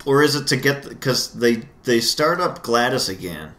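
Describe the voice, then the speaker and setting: Man, podcast host, bright forceful voice, rambling casual chat with lots of restarts. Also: mid-range voice, animated, normal speed. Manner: rambling, laughing, restarts often.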